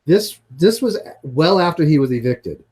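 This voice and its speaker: A man with a slightly high voice talks excitedly in casual chat, stumbling over restarts and swearing for emphasis. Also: moderate pace, slightly rough. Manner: excitable, profane, stammering restarts.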